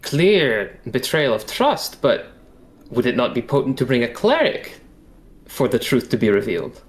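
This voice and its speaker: A man's voice: medium pitch, big pitch swings, a little slow. A man playing a tabletop game, speaking formally and courteously in character. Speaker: player. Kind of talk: in-character tabletop role-play.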